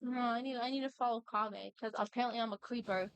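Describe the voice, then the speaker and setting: A woman's voice: fairly high pitch, fairly even intonation, quick pace, clear, resonant tone. A young woman streamer giving casual, reactive commentary while playing a game, swearing and laughing at the story. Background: faint game music.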